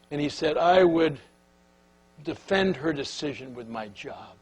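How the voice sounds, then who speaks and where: A man's voice: a little high, lively intonation, unhurried, husky, poor audio. A man giving a speech and telling a folksy anecdote, with questions tossed to the audience. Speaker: keynote speaker. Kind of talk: storytelling speech.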